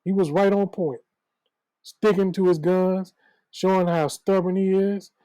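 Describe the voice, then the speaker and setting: A man co-hosts a sports talk show with bold, trash-talking takes. His voice is mellow and fairly high for a man. It is recorded dry and close. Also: fairly even intonation, a little slow, smooth, no room sound, low-quality recording. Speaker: co-host. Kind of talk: casual sports chat.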